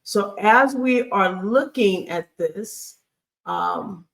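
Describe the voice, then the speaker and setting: A woman's voice: mid-range voice, extremely slow, gravelly, distant mic. A woman teaching a recorded Hebrew grammar lesson over slides, patient and repetitive, checking in with "okay?" as she goes. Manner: patient, repeats key points, many fillers and checks like "okay?". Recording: voice set back from the mic.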